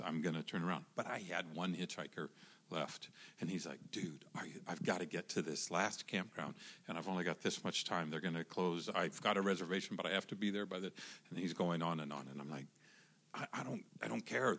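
Very deep-voiced man telling a story. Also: breathy edge. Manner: animated, rambling with restarts and acted-out quotes. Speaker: guest telling his love story. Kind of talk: casual storytelling.

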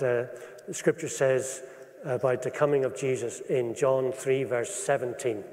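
Man, preacher, sermon, middle pitch, earnest and measured, long hall reverb. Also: darkish tone. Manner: measured, earnest preaching with slowed emphasis on scripture.

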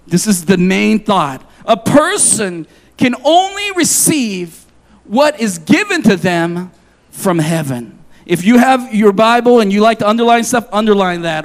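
A man in his forties preaching a sermon, reading scripture and telling a personal story in an animated, joking way. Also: high voice. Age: 40s. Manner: animated, jokey, confessional storytelling. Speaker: pastor.

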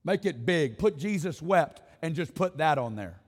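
A man with a high voice preaches with rising passion, stacking phrase on phrase and calling out for the congregation to answer back. His voice rings through a church sanctuary with a long, lingering reverb. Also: lively intonation, moderate pace. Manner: impassioned, repetitive rhetorical build-ups, directs congregation to respond. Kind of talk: sermon.

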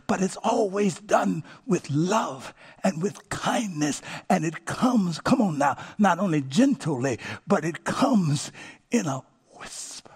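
Man, pastor, sermon, raspy voice, slightly high, hushed to shouting delivery. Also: lively intonation, slow. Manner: call-and-response preaching, swings from hushed to shouting.

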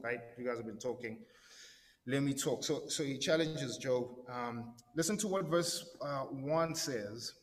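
A man's voice: mid-range voice, a little slow. A young man teaching a casual sermon to a live group in a large hall, talking conversationally with frequent restarts and checking in with his listeners. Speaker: pastor teaching a Bible study. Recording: long hall reverb, faint background noise.

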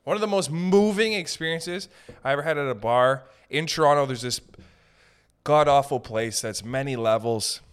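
A man's voice: mid-range voice, moderate pace, clear, resonant tone. Rambling, profane male podcast host. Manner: rambling, profane, tangent-hopping. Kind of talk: casual comedic monologue.

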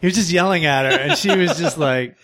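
A man with a slightly high voice keeps a casual podcast chat going. He jokes, teases his co-hosts and tells quick stories about strangers. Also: a bit bright. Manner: joking, teasing, often laughing. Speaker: podcast co-host.

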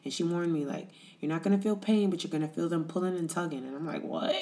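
Woman, low voice, podcast host, candid conversational storytelling, talks straight to listeners. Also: fast, mellow. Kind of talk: personal storytelling.

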